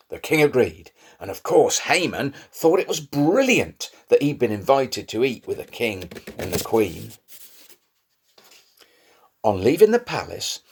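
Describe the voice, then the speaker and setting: A man narrating a Bible story for young children in an expressive storytelling manner. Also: medium pitch, slightly rough. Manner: lively, expressive storytelling with rising emphasis.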